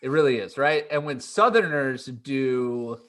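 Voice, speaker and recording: Man from Colorado trading quick banter. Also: mid-range voice, animated, a bit bright. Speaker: podcast co-host. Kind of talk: casual chat.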